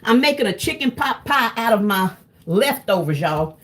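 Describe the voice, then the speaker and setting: A woman's voice: a little high, lively intonation, moderate pace, a bit bright. Chatty woman cooking for viewers. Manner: chatty, talks straight to viewers, calls them "y'all". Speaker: cooking vlogger. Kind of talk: casual cooking vlog chat.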